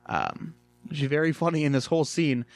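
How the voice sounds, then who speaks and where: A man's voice: on the high side, normal speed, dry recording. A man casually reviewing a cartoon episode, rambling with lots of fillers.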